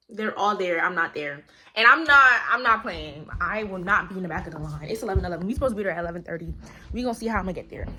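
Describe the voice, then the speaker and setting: A woman's voice: mid-range voice, pushed and bright, slight background noise. A young adult woman chatting casually to her viewers in a vlog, calling them y'all, recorded on a handheld phone. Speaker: vlogger. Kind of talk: casual vlog chat to camera.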